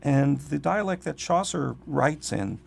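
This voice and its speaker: A man's voice: fairly high pitch, big pitch swings, vocal fry. A middle-aged man, a literature professor, talking in a thoughtful, digressive way in an interview, his voice a little scratchy. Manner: thoughtful, digressive, slows to read aloud. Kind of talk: conversational interview.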